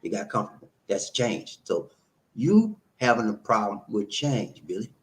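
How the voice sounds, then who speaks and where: A middle-aged man hosting a live stream, giving relationship advice in a loose, animated, repetitive way and laughing often. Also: lowish voice, moderate pace. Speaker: host answering viewer comments.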